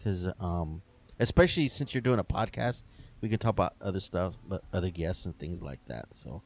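A man's voice: low-pitched, lively intonation, moderate pace. A middle-aged man hosting a podcast interview, easygoing and hesitant with many ums. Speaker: podcast host. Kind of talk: casual interview.

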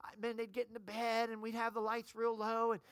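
A middle-aged woman pastor preaching a sermon, calling on the congregation to shout amen. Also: a little high, completely flat delivery, brisk, dry recording, studio quality. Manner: preaching, calls for amens from the congregation.

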